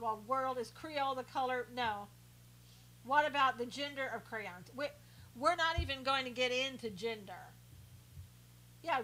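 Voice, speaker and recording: A woman's voice: fairly high pitch, pushed and bright, low-quality recording. A woman hosting a live stream, chatting casually and sarcastically as she reads out viewer comments, often laughing.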